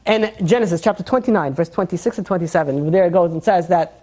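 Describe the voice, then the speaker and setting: A rabbi leads a relaxed Torah class in a lively, joking manner. The man jumps into different voices to act out the people in his story, then drops back into his easy teaching tone. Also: high voice, fast talker. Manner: animated and joking, acting out quotes in character.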